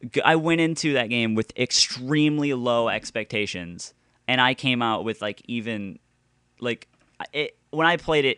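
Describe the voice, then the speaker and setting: A man rants in exasperation and swears freely, and his voice keeps jumping into loud bursts. His tone is smooth and clean, and the sound is close and dry, with no room echo. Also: medium pitch. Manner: exasperated, with sudden loud outbursts. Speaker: gaming video ranter. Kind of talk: profane angry rant.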